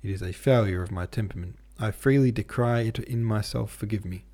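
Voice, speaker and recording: A man's voice: fairly low pitch, a little fast, dark tone. A man reading the lines of a proud, brooding young man in love, in an intense, self-reproaching way. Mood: impassioned.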